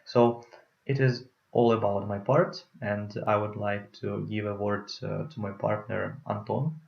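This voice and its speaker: Slow, hesitant man with a gravelly voice. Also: fairly low pitch, little pitch movement. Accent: Russian. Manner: hesitant, many fillers. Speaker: student presenter. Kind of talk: conference talk on public speaking. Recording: roomy, muffled lo-fi sound.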